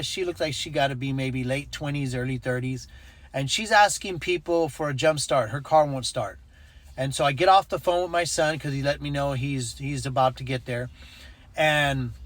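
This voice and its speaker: A man's voice: on the high side, a bit bright, dry recording. A man telling a personal story in a casual vlog, acting out the voices in it and adding preachy asides. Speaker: ministry network leader.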